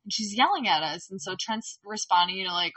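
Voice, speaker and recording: A woman co-hosting a podcast, chiming in and retelling the story with animated quoted voices. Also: mid-range voice, a little fast, husky, no room sound, distant mic. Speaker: podcast co-host. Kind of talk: casual chat, storytelling.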